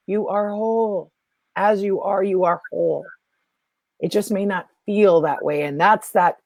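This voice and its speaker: A woman's voice: fairly low pitch, a little mellow, dry recording. A woman guest teaching about spiritual energy, talking emphatically and repeating key phrases. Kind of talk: teaching talk.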